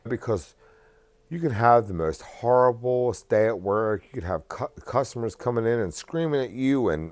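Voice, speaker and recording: A man's voice: medium pitch, animated, normal speed, darkish tone, no room sound. A man giving casual, earnest advice in a rambling rant that often repeats and restarts phrases. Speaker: vlogger.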